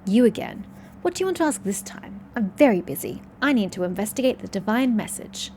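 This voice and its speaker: A woman's voice: a little high, very animated, fairly quick, a little mellow, slight background noise. A woman reading a curt, prickly researcher. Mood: brusque. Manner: curt and prickly, turning flustered. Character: blunt sharp-tongued young woman researcher, secretly awkward. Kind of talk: reading game dialogue aloud.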